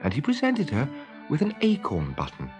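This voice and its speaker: Expressive man reading a storybook aloud. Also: mid-range voice, moderate pace, soft background music. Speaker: narrator.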